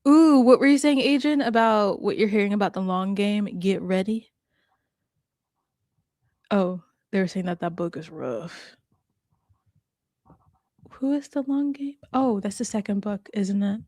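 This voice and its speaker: A woman's voice: mid-range voice, unhurried, long pauses, darkish tone, dry recording. Chatty woman with a dry close sound. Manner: chatty, laughs often, acts out quotes. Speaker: host. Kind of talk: casual reaction chat.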